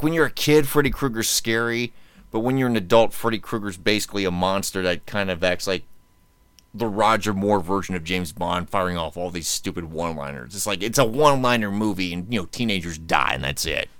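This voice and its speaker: A man hosting a podcast in casual, joking chat, animated and quick to ham up lines. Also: fairly low pitch, clear, resonant tone, no room sound. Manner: animated, joking, reads quotes in mock-dramatic tones. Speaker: podcast host.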